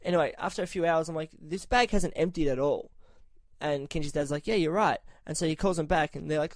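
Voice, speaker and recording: Animated profane man telling a story. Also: a little high, fairly quick, no room sound. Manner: profane, animated, shouts when quoting himself. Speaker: podcast host telling a story. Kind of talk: casual storytelling chat.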